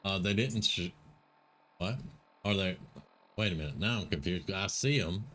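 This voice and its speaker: A man's voice: deep voice, lively intonation, normal speed, a bit bright. A man streaming a video game live, commenting in a chatty, muttering way as he plays.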